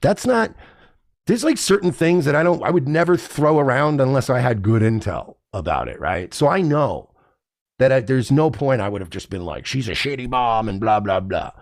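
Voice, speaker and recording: A man's voice: mid-range voice, big pitch swings, moderate pace, no room sound, clean studio sound. A man hosting a podcast, ranting casually and indignantly with plenty of profanity. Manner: profane, indignant, mocks others in put-on voices. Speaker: podcast host. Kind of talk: casual rant to camera.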